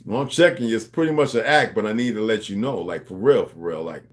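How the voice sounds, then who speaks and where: A man's voice: fairly low pitch, quick pace. A man hosting a livestream, talking in a loose, rambling monologue. He preaches to his viewers in street slang and calls them beloved. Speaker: livestream host.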